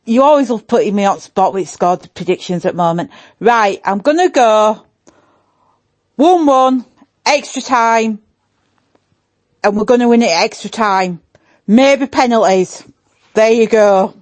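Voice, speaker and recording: A woman's voice: a little high, unhurried, long pauses, a little mellow, no echo. A woman with a Yorkshire accent, a podcast panelist talking in a blunt, laughing way. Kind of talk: casual chat.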